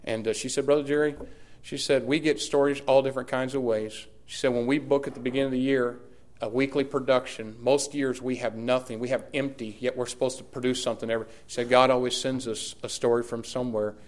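A man, a pastor preaching a sermon and telling a story with lively, emphatic repetition. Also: mid-range voice, fast.

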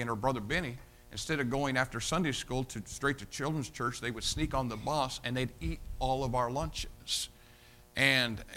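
A pastor telling a story in a sermon, folksy, repeating his words and swinging from loud emphasis to hushed tones. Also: mid-range voice.

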